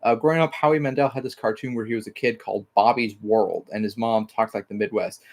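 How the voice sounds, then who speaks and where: A man's voice: lowish voice, steady tone, fast talker. A man from Mississippi hosting a casual livestream, rambling with lots of "like" fillers and casual swearing. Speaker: livestream host.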